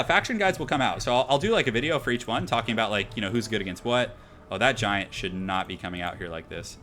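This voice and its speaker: Fast-talking excitable young male streamer. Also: medium pitch, a little hiss or hum. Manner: excitable, slangy, talks to chat. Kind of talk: live gameplay commentary.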